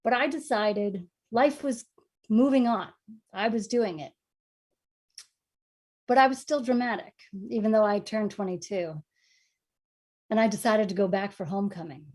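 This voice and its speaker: A woman storyteller from New York spins a humorous personal tale with theatrical flair. She pokes fun at herself and swings between hushed, quiet passages and loud, dramatic bursts. Her voice sits in a middle pitch. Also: moderate pace, long pauses. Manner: lively, self-mocking, dramatic storytelling with big swings in volume.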